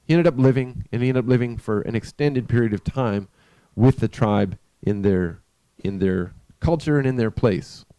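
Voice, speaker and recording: Male preacher, relaxed dark tone, close dry recording, chatty story delivery with restarts. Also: medium pitch, smooth, no echo. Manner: conversational, halting with restarts. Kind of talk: storytelling sermon. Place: church.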